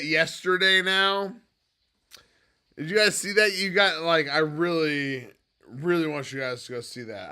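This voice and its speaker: Rambling man on a late-night livestream. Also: smooth. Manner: rambling, goes off on tangents; swings from quiet and low to loud and excited. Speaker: livestream host and business owner. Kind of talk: casual livestream chat.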